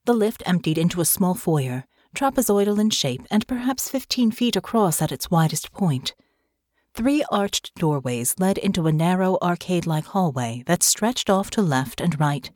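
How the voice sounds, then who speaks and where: A woman reads a fantasy audiobook aloud from a script, her storytelling measured and even. Her voice sits on the low side, and the recording is clean studio sound with no room sound.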